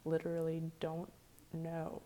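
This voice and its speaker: A young woman hosting a late-night live stream, talking low and softly, half whispering at times so she won't wake anyone. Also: monotone, a little slow. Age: young adult. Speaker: livestream host. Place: echoey room at night.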